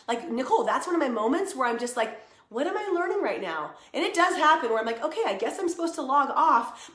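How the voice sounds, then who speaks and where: A young woman hosts a casual motivational live stream, greeting viewers by name in a chatty, upbeat way. Her voice sits high and a bit bright, and the room is echoey. She works as a live video host and coach.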